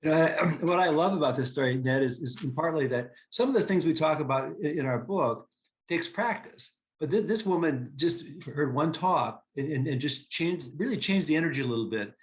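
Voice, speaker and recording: A man co-presenting a parenting talk, speaking in a halting way with many restarts and repeated words. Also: on the high side, animated.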